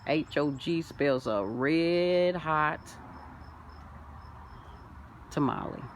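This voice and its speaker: A woman with a lowish voice talks slowly through a free-flowing spiritual monologue. She plays with words and rhymes, swinging between loud proclamations and murmured asides. Faint crickets and insects chirp behind her outdoors. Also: slight background noise. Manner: wordplay, sing-song, drifts between loud declarations and soft asides. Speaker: spiritual self-help vlogger. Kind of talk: rambling spoken-word monologue.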